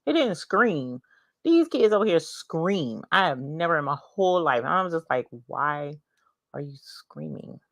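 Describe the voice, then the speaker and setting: A woman hosting a casual craft livestream, chatting and greeting viewers by name with drawn-out exclamations. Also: lowish voice, big pitch swings, fairly bright tone, dry recording, clean studio sound.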